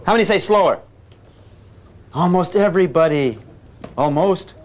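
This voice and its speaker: A man's voice: sits high, animated, normal speed. A man teaching physics to a class, joking and coaxing the students while he demonstrates. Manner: jokey, coaxing, calls students gang.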